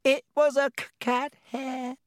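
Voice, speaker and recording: Guy reading as a sobbing schoolgirl, way up high, stammers through every word, kinda breathy timbre. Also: a little slow, mellow, no echo. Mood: howling. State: crying. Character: tearful schoolgirl turned half cat, howling.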